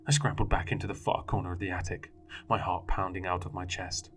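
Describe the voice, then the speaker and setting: A man's voice: deep voice, little pitch movement, fairly quick, a bit bright, a little hiss or hum. A man narrating a horror story in a grave, dramatic manner.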